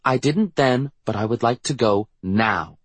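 A brisk, impatient mother who brooks no argument, as a man puts her on. She speaks firmly in a slightly lifted, husky voice. The sound is dry and close. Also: mid-range voice, animated, dry recording, voice pushed up. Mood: patient. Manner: brisk and firm.

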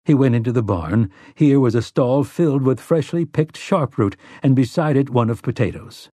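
A man narrating an audiobook in a measured, steady storytelling manner. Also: mid-range voice, dry recording, studio quality. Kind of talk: scripted narration.

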